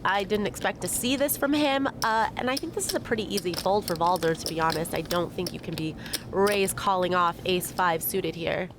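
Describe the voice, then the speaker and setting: A woman's voice: fairly low pitch, noisy background. Thoughtful female poker analyst. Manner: measured, thoughtful. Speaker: poker co-commentator. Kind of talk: analytical commentary.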